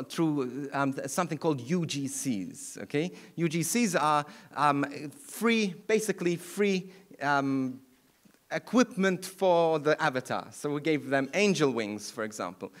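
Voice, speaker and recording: A man's voice: a little high, animated, measured pace, a bit bright. A middle-aged man from Malta, a priest giving a keynote talk to an audience and taking questions, speaking earnestly with frequent restarts. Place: event hall.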